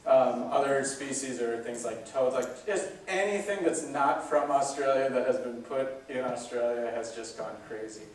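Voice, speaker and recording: A man from a zoo's staff giving a relaxed, chatty public talk with many fillers, heard from a distance in a large hall. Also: mid-range voice, moderate pace, hardly any pauses. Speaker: zoo staff speaker. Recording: roomy hall sound from a distance.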